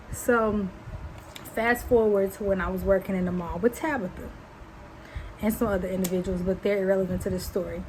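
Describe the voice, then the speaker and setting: A young woman, telling a casual storytime and acting out what people said in high voices. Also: slight background noise, poor audio. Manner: animated, acts out quotes in high voices. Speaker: vlogger.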